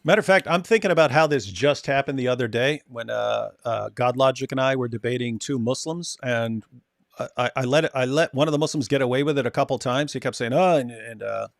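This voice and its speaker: A man of middle pitch co-hosts a casual reaction talk, telling stories and acting out quoted dialogue. His voice sits close and dry with almost no room sound. He talks in an easy, chatty way. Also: fairly quick, gravelly, no echo. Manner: storytelling, acts out quoted dialogue. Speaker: co-host.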